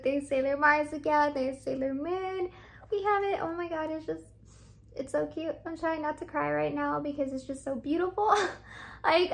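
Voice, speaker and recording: A young woman with a high-pitched voice chats through an unboxing vlog. She gushes and piles up words of praise, sounding thrilled with everything she shows. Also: fairly bright tone. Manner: gushing, effusive, repeats praise words. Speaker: vlogger.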